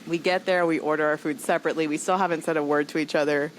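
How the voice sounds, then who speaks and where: A woman comedian telling a personal story in a podcast interview, animated and acting out other people's lines as she goes. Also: low-pitched, racing, a little hiss or hum, poor audio. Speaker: comedian guest.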